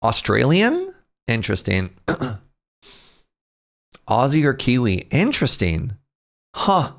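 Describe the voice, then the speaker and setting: A man's voice: mid-range voice, huge pitch swings, takes it slowly, gravelly. A male streamer chatting casually as he reacts to game trailers, laughing often and thinking aloud.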